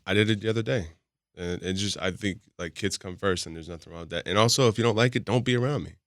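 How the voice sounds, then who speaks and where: A man's voice: fairly low pitch, fast talker, fairly bright tone, no room sound. A middle-aged man chatting casually as a podcast guest, blunt and emphatic. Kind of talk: casual chat.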